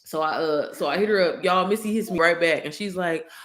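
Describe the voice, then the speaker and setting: A woman's voice: fairly low pitch, a little fast, fairly bright tone. A woman YouTuber telling a story to her viewers, candid and slangy, swearing freely and calling them y'all.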